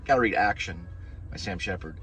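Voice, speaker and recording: A man's voice: deep voice, a little fast, a bit bright, faint music behind, rough recording. A man, vlogging casually while driving, talking in a rambling, folksy, self-deprecating way. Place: in a car on city streets. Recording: road and traffic noise.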